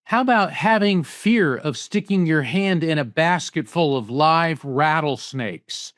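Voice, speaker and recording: A man speaking as a guest in an interview, answering emphatically with rhetorical questions and lively anecdotes. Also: on the high side, a little slow, dry recording, clean studio sound. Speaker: psychic medium and guest.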